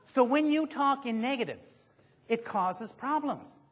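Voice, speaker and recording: A man's voice: very high voice, animated, unhurried, a bit bright, slightly rough. A man giving a motivational seminar to a live audience, joking and quizzing the listeners as he goes. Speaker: motivational speaker.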